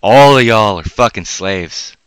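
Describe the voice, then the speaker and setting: A man hosting a live stream, ranting with heavy swearing, swinging between loud angry outbursts and low mutters. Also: expressive, unhurried, clean tone, dry recording, low-quality recording. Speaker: livestream host. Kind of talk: profane live-stream rant.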